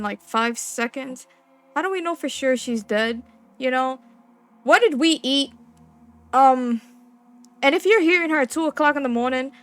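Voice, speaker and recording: A young woman with a slightly high voice plays through a game, reading the on-screen text and lines aloud. She breaks into excitable, profane, slang-heavy reactions between the reading. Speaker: gaming streamer.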